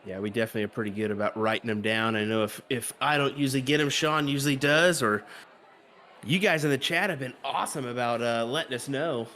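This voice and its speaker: Easygoing darts co-commentator. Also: male voice, medium pitch, steady tone, fast, sharp tone, a little hiss or hum. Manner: easygoing, laughs often, chats with the audience. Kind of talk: casual play-by-play commentary.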